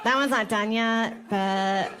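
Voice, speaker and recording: A female stand-up comedian delivering a monologue on a club stage in a dry, deadpan way. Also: fairly high pitch, unhurried, a crowd in the background, noisy background.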